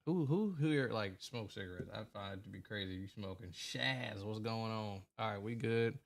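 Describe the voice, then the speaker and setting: A man's voice: on the low side, moderate pace, gravelly. A young man hosting a casual late-night gaming livestream, greeting viewers by name in a laid-back, colloquial way. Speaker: gaming streamer.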